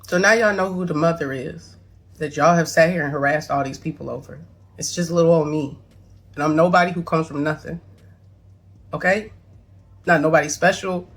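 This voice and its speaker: A woman's voice: lowish voice, husky. A middle-aged woman talking blunt and profane straight to camera, emotional and on the verge of tears as she defends herself to her son's followers. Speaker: mother responding to her son online.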